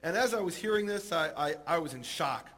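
A man telling a Talmud story in a lively, humorous way and acting out the characters. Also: on the high side, brisk. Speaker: teacher retelling a Talmud story. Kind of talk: animated storytelling talk.

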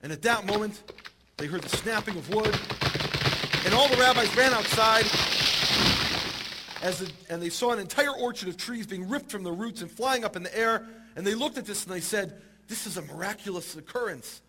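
A man telling a Talmud story in a lively, humorous way and acting out the characters. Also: high-pitched, normal speed, long pauses, slight background noise. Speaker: teacher retelling a Talmud story. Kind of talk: animated storytelling talk.

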